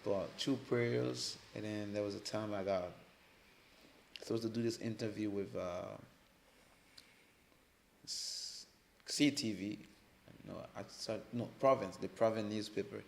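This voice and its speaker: A man from Liberia, a podcast guest telling his personal story in a halting way, often repeating words as he restarts. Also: on the low side, fairly even intonation, gravelly, slight background noise.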